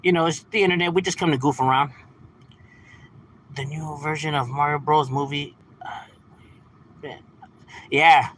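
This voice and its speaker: Man, 30s, livestream host; relaxed slangy chatter, bright edge, slightly raised pitch. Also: measured pace, long pauses, low-quality recording. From San Fernando Valley, California. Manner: laid-back, slangy, laughs often. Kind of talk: casual livestream chat.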